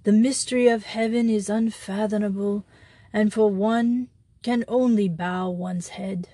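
A woman voicing a tall male thief disguised as a priest, who speaks low and grave and turns mocking. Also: fairly even intonation, a little slow, mellow, no room sound, close to an everyday voice.

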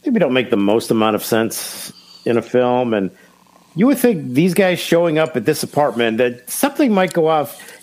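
A man's voice: medium pitch, big pitch swings, normal speed, darkish tone. A man co-hosting a podcast, joking and chiming in casually. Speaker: podcast co-host. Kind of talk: casual chat.

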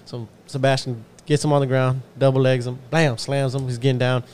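A man's voice: medium pitch, level tone, fairly quick, darkish tone, slight background noise. A man with a Texan accent telling a long story in a casual podcast chat, acting out quotes and swearing freely. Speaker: podcast co-host. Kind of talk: casual storytelling among friends.

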